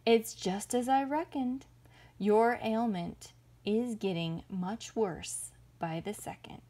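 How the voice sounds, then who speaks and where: A woman voicing a small, quick-witted male rabbit who talks in a coaxing, mock-sympathetic way, for a storybook. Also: medium pitch, mellow. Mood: sly.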